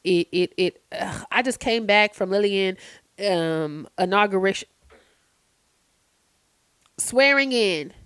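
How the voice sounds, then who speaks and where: A woman vlogger in casual late-night chat to the camera, swearing freely and ranting with sudden loud outbursts. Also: mid-range voice, slow, pauses often, clear, resonant tone, no echo.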